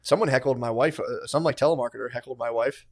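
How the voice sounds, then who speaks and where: A young man telling stories on a casual podcast, in a middle-pitched voice. He talks in an animated, profane way. He breaks into laughter and throws in quick asides. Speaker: podcast co-host.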